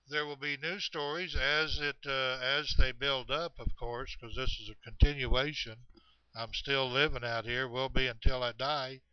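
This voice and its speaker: A man telling a long story about hunters in the woods, halting often with fillers and restarts. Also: medium pitch, clean tone, dry recording. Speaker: storyteller of Bigfoot encounters. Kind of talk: rambling spoken storytelling. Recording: dull, muffled recording.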